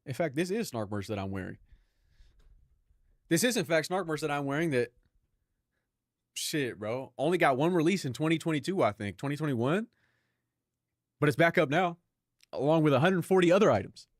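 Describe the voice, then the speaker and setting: A young Filipino man banters loosely with his live stream audience, swearing freely and breaking into laughs. His voice sits a little high, and the close mic sounds dry. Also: expressive, fairly quick, long pauses, no echo. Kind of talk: casual stream chat.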